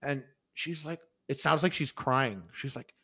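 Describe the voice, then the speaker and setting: A man's voice: mid-range voice, measured pace, a bit bright, slightly rough. A young man in his twenties on a podcast, telling a long story in a rambling way full of fillers and restarts. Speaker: podcast host. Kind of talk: casual storytelling.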